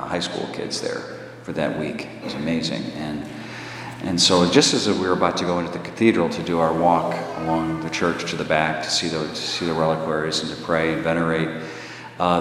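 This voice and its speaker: Deep-voiced man preaching in an echoey hall. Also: fairly bright tone, slight background noise. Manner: conversational storyteller, rising in pitch when emphatic. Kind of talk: preaching story and reflection. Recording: echoey hall with long reverb.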